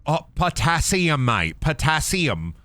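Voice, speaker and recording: A man's voice: mid-range voice, a little fast, sharp tone, no echo, natural voice. A man doing a mock British bloke who repeats words over and over and keeps saying "mate".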